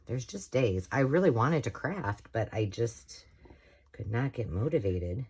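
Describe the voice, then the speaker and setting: A middle-aged American woman with a slightly hoarse voice, chatting casually while making a craft project. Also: rumbling low. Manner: chatty, rambling, self-talk while working. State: slightly hoarse, frog in throat. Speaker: crafting tutorial host. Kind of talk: casual craft tutorial chat.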